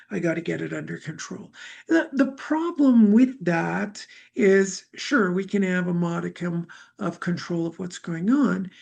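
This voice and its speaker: A middle-aged woman leading a live healing session, talking gently and musingly about feelings and breath, with many fillers. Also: medium pitch, vocal fry. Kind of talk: guided healing talk.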